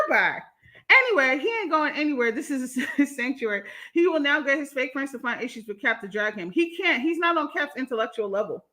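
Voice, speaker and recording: High bright sassy woman. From Jamaica. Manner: sassy, animated, laughing between points. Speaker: YouTuber reading live chat. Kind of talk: live-stream commentary.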